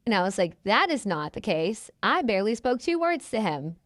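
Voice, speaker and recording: A woman's voice: medium pitch, sing-song, normal speed, dry recording, clean studio sound. Chatty young woman telling her story. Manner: chatty, quotes people in their own voices. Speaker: guest. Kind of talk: casual storytelling.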